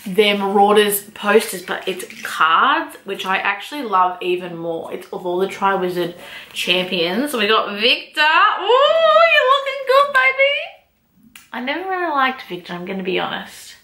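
A young woman vlogger chatting excitedly through an unboxing, gushing and exclaiming, with casual swearing. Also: medium pitch, normal speed. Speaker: book vlogger. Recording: echoey room, faint noise.

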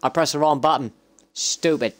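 A man's voice: on the high side, moderate pace, a little hiss or hum. A man commenting wryly while playing a video game, swearing now and then. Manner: sweary, wry asides. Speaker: gamer. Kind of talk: let's play commentary. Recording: game music underneath.

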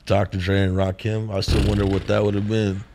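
A man from California's San Fernando Valley talks in a low, flat voice with little rise and fall. He chats casually and easily, full of "like" and "bro". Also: brisk, background noise. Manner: flat, easygoing, frequent "like" and "bro". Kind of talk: casual chat.

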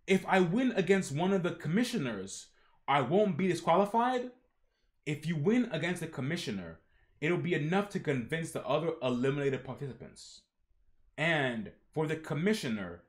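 Young man, high and lively voice, unhurried delivery, slangy reaction streamer reading comic panels aloud. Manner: animated, slangy, reads character lines in voices.

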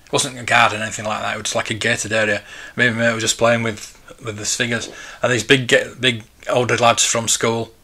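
Bright-voiced chatty man. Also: mid-range voice, level tone, a little fast, hardly any pauses. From United Kingdom. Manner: chatty, rambling and nostalgic. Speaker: live-stream host. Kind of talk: casual live-stream chat, reading viewer comments.

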